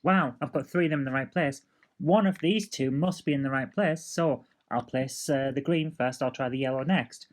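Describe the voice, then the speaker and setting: A woman's voice: a bass voice, moderate pace, a little mellow. Woman vlogger, dry teasing chat, easygoing. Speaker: vlog host. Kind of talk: casual chat over a board game.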